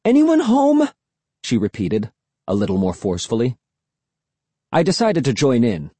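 Husky man reading a suspense story. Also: fairly low pitch, normal speed, no room sound. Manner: expressive, hushed for suspense, raised for shouts. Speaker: audiobook narrator. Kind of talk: scripted first-person story reading.

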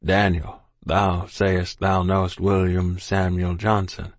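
Dying old man, hoarse and whispery, slow and insistent, low and breathy, read by a male narrator. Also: fairly even intonation, dry recording, exaggerated voice. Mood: weak, urgent. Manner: slow, insistent, old-fashioned thee and thou speech. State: gasping, near death. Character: dying older Quaker man, weak, urgent. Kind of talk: audiobook character voice.

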